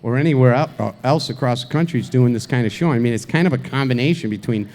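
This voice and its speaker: Co-hosting a live show at an event venue, a man tells a rambling story full of crude jokes and frequent restarts. He talks fast in a medium pitch with a slightly mellow sound, in the style of casual banter.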